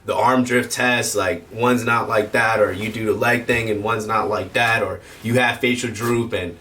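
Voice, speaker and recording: Young man, lowish voice, rambling casual story, slangy, full of fillers. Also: fairly even intonation, moderate pace, sharp tone, a little hiss or hum. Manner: rambling, lots of fillers, slangy, acts out quotes. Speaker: firefighter and paramedic.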